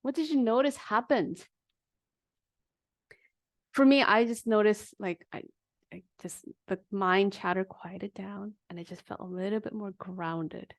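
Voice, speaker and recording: A woman coaching a live online negotiation workshop, guiding the audience calmly and asking them questions. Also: medium pitch, measured pace, dry recording, clean studio sound.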